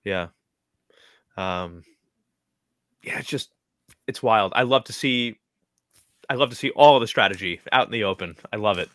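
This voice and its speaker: A man's voice: lowish voice, normal speed, long pauses, a bit bright, no room sound, clean studio sound. A man co-hosting a casual reality TV recap podcast, talking in long rambling runs full of fillers. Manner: rambling, filler-heavy enthusiasm. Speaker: podcast co-host.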